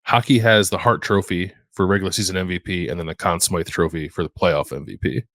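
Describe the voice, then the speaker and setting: A man with a very low voice chimes in agreeably, thinking aloud as he goes in casual sports talk. His words come dry and close to the mic. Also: fairly even intonation, a little fast, a bit bright, no echo. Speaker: podcast co-host.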